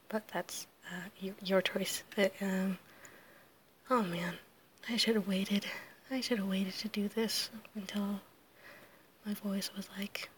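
A woman with a sick, hoarse, half-whispered voice talks haltingly in a casual solo recording, apologizing often and laughing nervously as she answers a questionnaire. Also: medium pitch, slight background noise. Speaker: audio creator answering a questionnaire.

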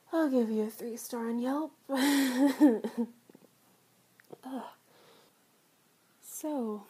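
A young woman voicing a teasing, foul-mouthed young fast-food worker in an adult audio role-play, often dropping into a breathy whisper. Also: fairly high pitch, dark tone, exaggerated voice. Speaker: voice actor.

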